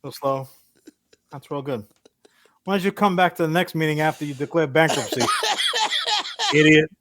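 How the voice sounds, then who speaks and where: Male co-host, profane rambling storyteller, a bit high-pitched, dry recording. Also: huge pitch swings, moderate pace, a bit bright, no room sound. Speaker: podcast co-host. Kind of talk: casual chat.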